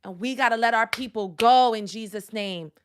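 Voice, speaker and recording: A woman counselor speaks on a faith-based live stream, with a voice sitting a little on the high side. She talks emphatically in a preacherly way and punctuates her points with exclamations. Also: normal speed, clean tone.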